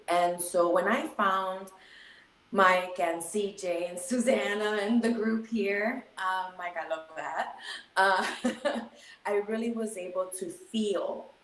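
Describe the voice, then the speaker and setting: A woman's voice: lowish voice, roomy sound, poor audio. A middle-aged woman from Chicago, telling her own life story in an earnest, reflective way. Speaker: guest speaker. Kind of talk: personal storytelling.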